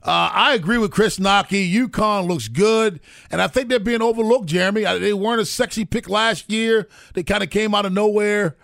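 A man's voice: sits high, moderate pace, gravelly, hardly any pauses, fairly bright tone, no room sound, clean studio sound. A man hosting a sports radio show, wry and joking in casual banter.

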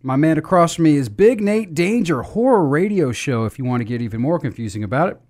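A man hosts a beer podcast, chatting casually and rambling with restarts and fillers. His intonation is lively and his pace brisk, with pitch and loudness jumping up and down.

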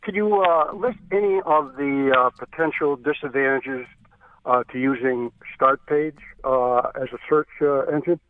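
Halting male caller on a tinny phone line. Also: mid-range voice, dry recording. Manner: halting, many uh fillers, polite. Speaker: radio caller. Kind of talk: phone call into radio show.

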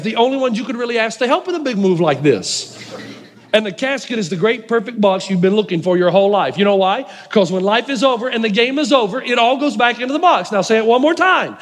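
A man preaching a sermon as a pastor, telling humorous, animated stories to a congregation. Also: extremely high pitch. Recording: echoey hall reverb.

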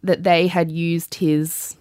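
Low-voiced woman telling a story. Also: little pitch movement, slow, a little mellow, no room sound, clean studio sound. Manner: chatty, peppered with "like" and swearing. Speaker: podcast host. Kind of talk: personal storytelling in casual chat.

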